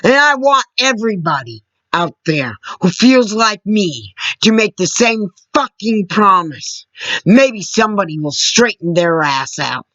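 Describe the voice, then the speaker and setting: Furious woman ranting, swinging pitch. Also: animated, unhurried, no room sound, highs cut off. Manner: furious, profane, shouting at times. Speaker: vlogger. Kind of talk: angry political rant.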